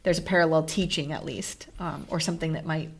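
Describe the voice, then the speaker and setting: A woman, a pastor co-hosting a podcast, asking curious questions and reading scripture in a relaxed conversational manner. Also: low voice, brisk, a little hiss or hum. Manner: curious, asks follow-up questions, reads scripture aloud. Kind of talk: casual theological conversation.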